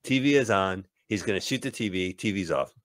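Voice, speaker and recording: A man's voice: low-pitched, expressive, fairly quick, fairly bright tone, dry recording, studio quality. A man hosting a podcast, giving jokey, casual commentary over a movie. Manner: jokey, riffs on the film, playful bits of voices. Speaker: podcast host.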